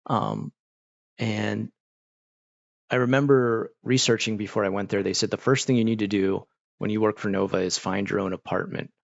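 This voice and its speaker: A man's voice: on the low side, fairly even intonation, normal speed, vocal fry, no room sound, lo-fi sound. A man telling rambling stories with many fillers as he chats casually with viewers. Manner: rambling, storytelling with lots of fillers. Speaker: streamer.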